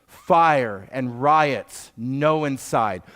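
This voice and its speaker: A man voicing a stubborn male cab driver who gives slow, clipped refusals in a storytelling performance. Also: medium pitch, a bit bright.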